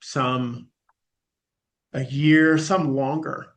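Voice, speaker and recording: A man in his forties, a podcast guest, chatting casually and telling expressive, animated stories. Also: medium pitch, drawn-out words. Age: 40s. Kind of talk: casual conversation.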